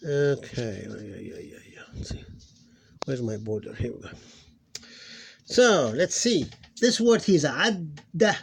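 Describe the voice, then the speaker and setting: A man's voice: medium pitch, wildly swooping pitch, unhurried, gravelly, pauses often, a little mellow, slight background noise. A man teaching Arabic phonics in an informal lesson, thinking aloud, correcting himself and stretching out the example words he models.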